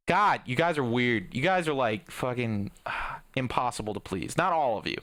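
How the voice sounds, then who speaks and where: A man's voice: medium pitch, lively intonation, normal speed. A young man livestreaming a game, talking casually with lots of swearing and ranting. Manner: profane, ranting, bursts into shouting. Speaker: gaming livestreamer.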